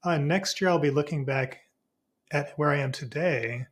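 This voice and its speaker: A man, a spiritual teacher, explaining ideas in relaxed conversation and acting out inner voices in sudden high exclamations. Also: normal speed. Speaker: podcast guest, spiritual teacher.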